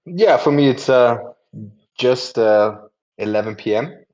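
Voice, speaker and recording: A man's voice: medium pitch, lively intonation, measured pace, a little mellow, muffled recording. A man hosting a community talk event, chatty and rambling, often correcting himself mid-sentence. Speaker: host of a community audio event. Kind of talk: casual chat and introduction.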